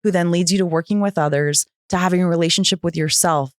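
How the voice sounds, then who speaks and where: A woman in her thirties, a podcast guest telling a candid personal story and acting out the voices of others with lively pitch jumps. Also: fast talker, no room sound, studio quality. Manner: animated, acts out quoted voices with pitch jumps.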